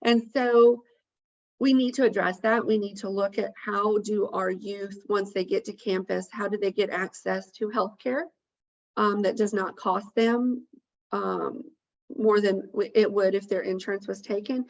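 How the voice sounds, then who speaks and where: A woman's voice: mid-range voice, steady tone, unhurried, muffled recording. A woman presenting on a webinar, talking through a list of points in an earnest way with frequent ums. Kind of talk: informational webinar talk. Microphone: video call.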